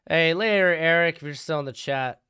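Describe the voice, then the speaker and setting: A man's voice: fairly high pitch, a little fast, pushed and bright, clear, resonant tone. A young man hosting a live stream, casually commenting on draft picks and answering his chat. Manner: chatty, answers chat questions, offhand opinions.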